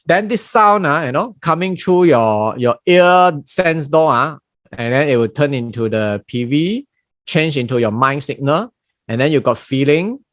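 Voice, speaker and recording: A middle-aged man giving a dharma talk in a lecture room, animated and acting out everyday scenes with colloquial exclamations, with many fillers and restarts. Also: on the high side, unhurried, no room sound, studio quality. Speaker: Buddhist teacher.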